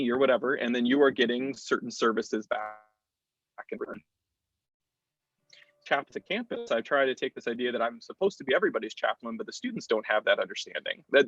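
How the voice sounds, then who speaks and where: An American clergyman in his thirties speaking thoughtfully on a panel, with frequent pauses and restarts. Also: medium pitch, fairly bright tone, no echo. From United States. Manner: reflective, thoughtful, many fillers and restarts. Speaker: clergyman and campus chaplain. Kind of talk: panel discussion talk. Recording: dull lo-fi dry sound.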